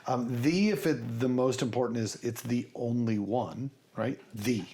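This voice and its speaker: A man from north central Kansas co-hosting a podcast, explaining in a lively, joking manner. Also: mid-range voice, a little slow. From north central Kansas, USA. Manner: animated, explains with asides and jokes. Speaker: podcast co-host. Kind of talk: casual chat.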